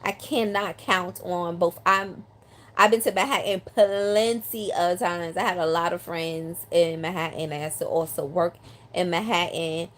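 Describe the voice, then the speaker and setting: Her tone stays steady, a bit bright, and on the low side, and she talks a little slowly. She is an older line dance teacher from New York City doing a casual live stream at home in South Carolina, reading viewer comments aloud with frequent ums into a phone or handheld mic.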